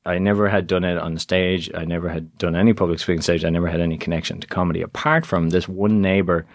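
An Irish man in his thirties, a guest in an interview, telling stories in a casual, animated way and acting out the voices in his quotes. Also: sits low, fast talker, no echo, studio quality. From Ireland. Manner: animated storyteller who acts out voices in quotes.

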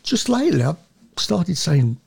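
A man chatting on a football podcast, jokey and quick to laugh. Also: a little high, big pitch swings, gravelly, a little mellow, slightly rough. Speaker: podcast co-host. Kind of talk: casual chat.

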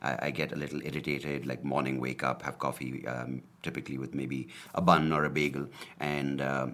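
A man in his thirties hosts his own podcast solo, rambling casually with plenty of fillers and offhand swearing. His voice is very deep and fairly bright, with fairly even intonation, a normal speed and hardly any pauses, captured on both a camera and a podcast mic.

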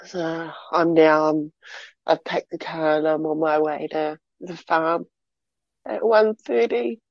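A middle-aged woman telling a personal story in an interview, halting and repeating words as she goes. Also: low voice, fairly even intonation, a little mellow, no room sound, dull audio. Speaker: interview guest.

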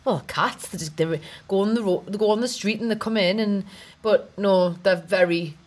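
A woman's voice: mid-range voice, moderate pace, darkish tone. A young adult woman, a comedian chatting casually on a podcast, rambling and laughing as she goes. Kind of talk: casual chat.

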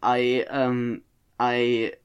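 A man co-hosting a podcast, chatting casually about acting work. He speaks slowly and hesitantly, trips over his words and restarts often. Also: mid-range voice, monotone, clean tone, highs cut off. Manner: hesitant, many restarts and fillers. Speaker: podcast co-host and voice actor. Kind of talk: casual chat.

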